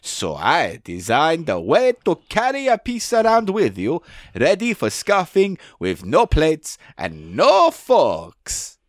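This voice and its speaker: A man voicing an eager male cheesecake inventor in a strange put-on accent, pitching his product. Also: huge pitch swings, takes it slowly, no echo, studio quality, exaggerated voice. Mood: salesy. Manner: odd put-on accent, salesy.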